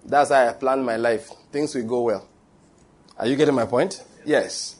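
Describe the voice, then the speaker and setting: A man preaching a sermon, from Nigeria. He reads scripture slowly and stresses key words, and chuckles as he tells stories to the congregation. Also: medium pitch, darkish tone. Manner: slow, emphatic reading with stressed words; chuckles while telling stories. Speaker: pastor. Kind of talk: sermon with Bible reading.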